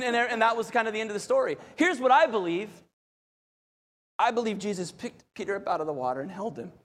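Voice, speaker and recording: A man preaching a sermon, telling a story with animation, often repeating phrases and speaking directly to the crowd. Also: sits high. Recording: long hall reverb.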